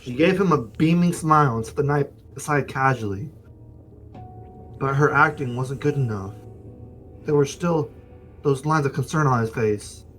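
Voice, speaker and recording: A man's voice: mid-range voice, normal speed, pauses often, fairly bright tone, rough recording. Man reading a game aloud over faint music. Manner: casual, joking asides between narrated lines. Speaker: streamer. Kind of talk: reading a visual novel aloud on stream.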